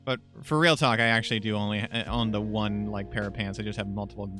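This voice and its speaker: Male streamer as mission control, crisp bright tone, hesitant but helpful, soft music under. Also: fairly low pitch, steady tone, quick pace. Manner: hesitant, lots of uh and restarts, helpful explainer. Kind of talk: casual gaming banter.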